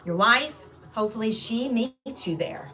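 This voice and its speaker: A woman coaching live, talking earnestly and slipping into little acted-out snippets of everyday dialogue to make her point. Her voice sits fairly high, with faint music underneath. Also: lively intonation, a little slow, sharp tone. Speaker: spiritual life coach.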